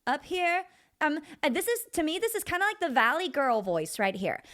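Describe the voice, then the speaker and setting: A woman vocal coach talks through a singing lesson in a chatty, expressive way, thinking aloud as she goes. Her voice sits a little high, and her pitch swings widely from phrase to phrase. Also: fairly quick.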